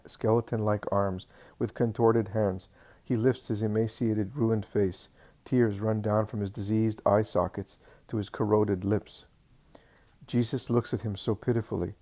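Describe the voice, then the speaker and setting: A man reading a devotional story aloud with steady, reverent narration. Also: lowish voice. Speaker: reader.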